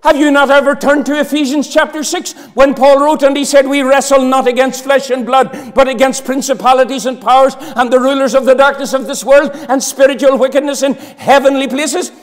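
Male preacher, high voice, fervent swings from loud to hushed, long reverb of a church hall. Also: fairly even intonation, a little fast, hardly any pauses. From Northern Ireland. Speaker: pastor. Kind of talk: sermon.

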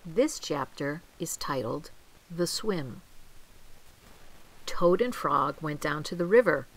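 Slow, expressive grandmother reading aloud. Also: low voice, low-quality recording. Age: older. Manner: gentle, expressive, clearly paced. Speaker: storyteller reading a children's book. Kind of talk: read-aloud storytelling.

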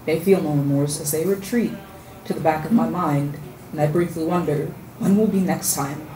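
A woman at an open mic, reciting her own spoken-word poem with a steady rhyming rhythm. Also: sits low, normal speed. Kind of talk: spoken-word poetry reading. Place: open mic venue indoors. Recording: echoey room from far off, noisy.

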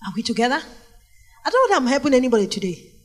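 A middle-aged Nigerian woman preaching a sermon, telling stories with animated energy and calling out questions to the congregation. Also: sits high, racing. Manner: animated storytelling with call-and-response questions to the congregation.

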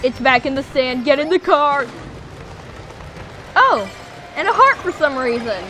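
Excitable woman let's player, very high voice, slow and bright. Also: soft background music. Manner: excitable, squealing reactions. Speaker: gamer playing a video game. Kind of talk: let's play commentary.

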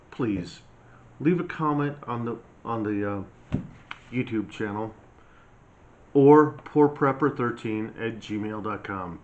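A man ranting in a blunt, mocking, scolding monologue as a prepper vlogger. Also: mid-range voice. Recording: slightly dull lo-fi sound, faint hiss.

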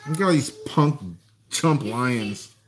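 A man chatting casually to viewers while opening a box of trading cards. He gets excited and shouts over good finds. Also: fairly high pitch, slow. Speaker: card collector vlogger.

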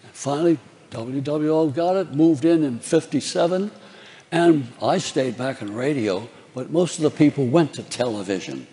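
Older guy on stage swapping funny stories, chatty and laughing, slightly high voice, long hall echo. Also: normal speed, dark tone. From New Orleans, Louisiana. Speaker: stage storyteller recalling his career. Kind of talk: live stage anecdote. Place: large theater. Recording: reverberant theater hall.

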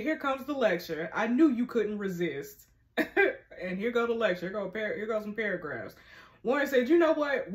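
A woman, casually reading a story game's dialogue aloud and reacting with animated, laughing asides. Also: mid-range voice. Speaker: narrating and reacting to a story game.

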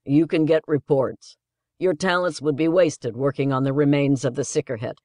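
A man's voice: on the high side, steady tone, moderate pace, darkish tone, no room sound, studio quality, lightly acted. A man playing a stern, guarded military general. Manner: professional, clipped.

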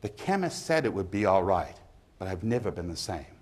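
A man voicing a gossiping working-class woman in a pub, in a loud and emphatic dramatic poetry reading. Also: deep voice, big pitch swings, moderate pace, slightly rough, heavily acted.

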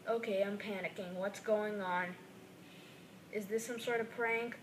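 A woman's voice: mid-range voice, steady tone, a little slow, slight background noise, pitched below the performer's own voice, lightly acted, rough recording. A woman voicing an annoyed young man who complains in a grumpy, exasperated way about being disturbed in his bedroom.

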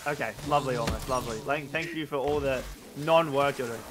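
A man's voice: medium pitch, quick pace, a bit bright. A man from Australia gaming with friends, whiny and swearing as he bickers over voice chat. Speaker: gamer. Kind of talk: casual gaming banter. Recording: noisy voice-chat mic.

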